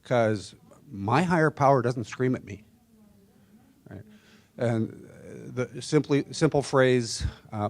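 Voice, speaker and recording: A man's voice: medium pitch, slow. Brief: man speaking plainly and wryly into a passed handheld mic at a support group. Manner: candid, wry, mimics a nagging inner voice. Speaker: workshop attendee sharing. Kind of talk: personal sharing at a recovery meeting.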